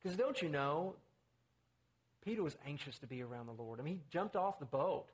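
A man's voice: expressive, brisk, husky. A man preaching a conversational sermon, acting out the quotes he reads. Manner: conversational, acts out quotes with rising pitch.

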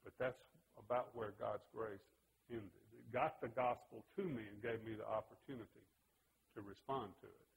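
Gravelly man teaching the Bible. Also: lowish voice, steady tone, normal speed, rough recording. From United States. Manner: earnest storytelling, acts out remembered exchanges. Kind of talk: conversational Bible lesson.

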